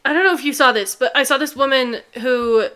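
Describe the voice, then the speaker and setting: A woman co-hosting a podcast in casual chat, giggly and quick to chime in. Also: high-pitched, sharp tone. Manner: giggly, quick agreeing interjections. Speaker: podcast co-host.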